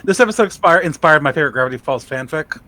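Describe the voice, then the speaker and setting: A man's voice: a little high, lively intonation, rapid-fire, bright, forceful tone. Man with dry, joking asides. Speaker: podcast co-host. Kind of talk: casual chat.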